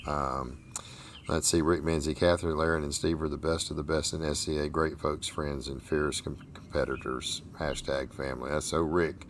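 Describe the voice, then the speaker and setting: A man with a Southern American accent hosts a relaxed chat. His voice sits very low, and his talk is folksy and rambling, full of restarts and repeated words. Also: moderate pace, a little hiss or hum. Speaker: host. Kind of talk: casual interview chat.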